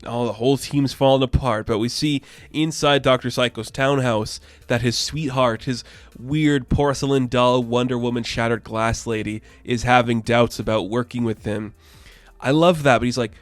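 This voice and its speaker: A man's voice: mid-range voice, moderate pace, dry recording. A young man giving a casual, enthusiastic and rambling video review as the channel host. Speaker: comic book reviewer.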